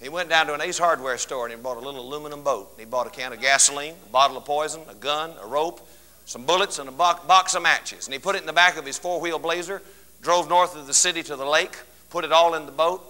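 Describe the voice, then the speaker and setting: Man, Texan accent, folksy joke teller, bright clear voice, slightly high. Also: low-quality recording. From West Texas. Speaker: comedian. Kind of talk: stand-up joke telling.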